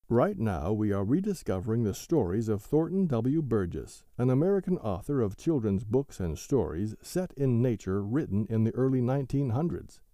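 Man reading a kids' story, super dark mellow voice, lots of lilt, dry sound. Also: fairly low pitch, no echo. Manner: animated, gentle storytelling. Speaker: podcast host and narrator. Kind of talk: children's storybook narration.

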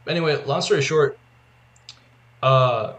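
A man's voice: medium pitch, unhurried, a bit bright. A male podcast co-host in casual chat, rambling as he eagerly explains, filling his talk with "like". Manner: rambling, heavy use of filler "like", eager explaining.

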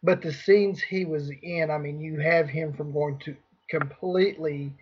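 A husky, slightly higher-voiced man leads a loose movie podcast. He rambles easily between points with plenty of restarts, and the recording sounds dull and lo-fi. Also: steady tone, unhurried. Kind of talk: casual movie review chat.

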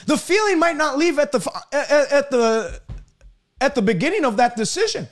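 A man preaching a fervent broadcast sermon, repeating words and breaking into bursts of shouting. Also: extremely high pitch.

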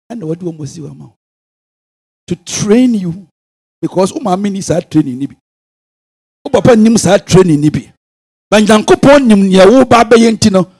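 A man with a Ghanaian accent preaching a sermon, swinging from quiet musing to sudden shouted bursts. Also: sits high. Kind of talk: sermon mixing Twi and English.

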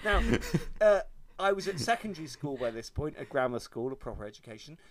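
A man from England telling funny stories in a casual podcast chat, jokey and animated. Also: mid-range voice, fast, a crowd in the background. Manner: animated, jokey, mimics shrieks.

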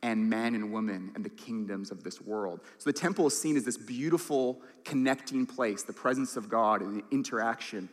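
A man's voice: fairly low pitch, normal speed, few pauses, in a large hall. A man preaching a sermon as pastor, earnest and emphatic, acting out quoted lines.

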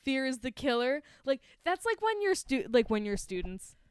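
A woman's voice: high voice, very animated, normal speed, a little mellow, smooth, no echo, studio quality. Laughing, sarcastic young woman podcast co-host. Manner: laughing, sarcastic, swears freely. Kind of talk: casual chat recapping a film.

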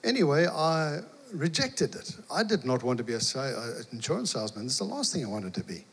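An animated male preacher tells a story from the pulpit and acts out its dialogue. His voice sits at an ordinary middle pitch for a man. It rings with the long reverb of a large hall. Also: brisk, husky. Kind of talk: storytelling sermon.

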